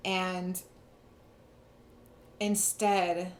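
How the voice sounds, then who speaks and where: With a fairly low pitch and level tone, a young woman draws out her words. She's reading tarot casually and earnestly, stressing points and often beginning sentences again.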